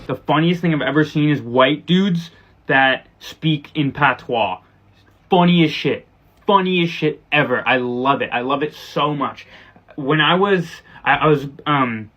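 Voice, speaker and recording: A man's voice: a little high, a bit bright. A young man casually telling a funny anecdote, laid-back and swearing as he goes. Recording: dull lo-fi audio.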